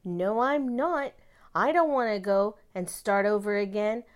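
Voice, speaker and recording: A woman's voice: mid-range voice, a little slow, close to an everyday voice. A woman voicing a fretful girl who dreads her first day, with a whiny, pleading voice. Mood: whiny, stubborn.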